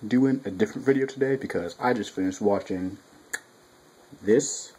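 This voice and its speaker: A man's voice: on the low side, moderate pace, slight background noise, low-quality recording. A young man reviewing a manga chapter in a casual, rambling, profane way, at home with his cat nearby. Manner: profane, rambling, animated quoting.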